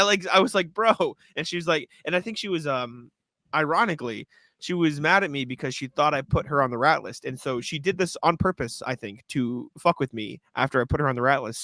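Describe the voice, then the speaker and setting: Bright-voiced young man co-hosting a podcast. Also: a little high, a little fast, no room sound. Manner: animated storytelling, frequent swearing and filler "like". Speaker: podcast co-host. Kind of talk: casual sports podcast chat.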